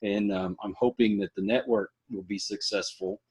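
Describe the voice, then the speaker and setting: A man's voice: on the low side, fairly even intonation, moderate pace, a little mellow, husky. A man, a podcast host in casual interview chat, folksy and joking.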